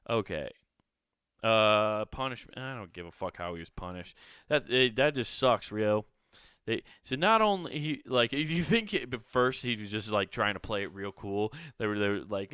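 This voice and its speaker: Man hosting a solo comedy podcast, cursing and rambling, smooth voice, dry close sound. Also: fairly low pitch, bright, forceful tone, dry recording. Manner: profane, rambling, incredulous. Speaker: podcast host.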